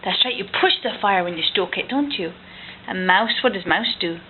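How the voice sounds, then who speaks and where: A woman at home retelling a picture book with a toddler, gentle and coaxing, often dropping to a hush. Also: mid-range voice, moderate pace. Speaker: parent reading to a toddler. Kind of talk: bedtime story retelling. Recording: tinny lo-fi home recording, faint hiss.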